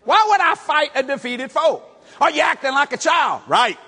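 A middle-aged man from New Orleans, preaching a sermon as animated storytelling with shouted bursts and chuckles. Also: extremely high pitch, moderate pace. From New Orleans, USA. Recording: long hall reverb.

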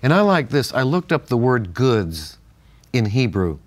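Older man, lively storytelling voice. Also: medium pitch, a little slow. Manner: animated storyteller, laughs often. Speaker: co-host of a Christian talk program. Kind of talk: casual chat with storytelling.

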